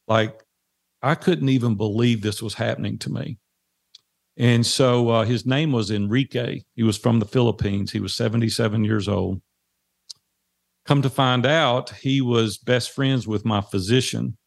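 A man's voice: medium pitch, vocal fry. A man, a podcast guest earnestly recounting a life story and quoting what people said. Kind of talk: personal storytelling in conversation.

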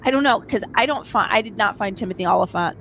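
A woman's voice: mid-range voice, quick pace, fairly bright tone, slight background noise. A woman on a live-stream panel, giggling as she gives emphatic opinions about TV actors. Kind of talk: casual live-stream chat.

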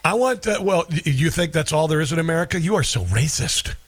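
A man's voice: a little high, lively intonation, fairly quick, slight background noise. A man hosting a talk radio show, reading an ad and interviewing a guest in a folksy, joking, emphatic way.

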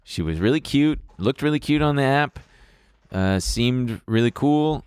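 A man's voice: mid-range voice, a little slow, clear, resonant tone, no room sound. A man chatting casually, cracking jokes and telling a dating story with quoted voices. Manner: joking interjections and animated storytelling with impressions. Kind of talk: casual podcast chat.

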